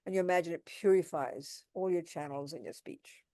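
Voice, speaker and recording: A woman's voice: fairly low pitch, fairly quick, no room sound, studio quality. An older woman teaching Buddhist practice on a video call, direct and emphatic, calling listeners sweetheart and darling. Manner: warm, direct, calls people sweetheart and darling.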